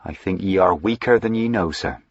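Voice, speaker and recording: A man voicing a quiet, devoted male servant who speaks softly in a rustic dialect. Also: low-pitched, normal speed, no echo, highs cut off. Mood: quiet, earnest. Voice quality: soft-spoken, rustic dialect. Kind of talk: audiobook character voicing.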